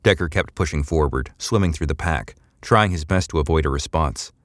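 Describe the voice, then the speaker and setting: A male narrator reading a sci-fi serial in a steady, measured way. His voice is extremely deep, and the recording is dry and close with no room sound. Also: no room sound. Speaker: audiobook narrator. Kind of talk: scripted audiobook narration.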